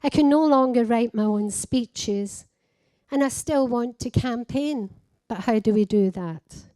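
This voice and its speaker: An older woman with a Scottish accent giving a slow, heartfelt personal speech at a conference. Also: fairly high pitch, dark tone, no echo. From Scotland. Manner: slow, simple heartfelt phrasing. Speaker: conference speaker living with dementia. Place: conference hall.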